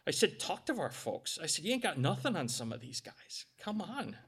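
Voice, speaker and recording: A middle-aged male pastor preaching a sermon, animated, acting out little voices and swinging from loud to quiet. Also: sits high, moderate pace, breathy edge.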